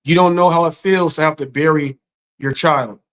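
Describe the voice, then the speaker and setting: A man with a fairly high voice, grieving as he talks on a live stream. His delivery is earnest and halting, full of restarts and repeated words, as in an unscripted emotional talk. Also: steady tone, rough recording. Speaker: live-stream commentary host.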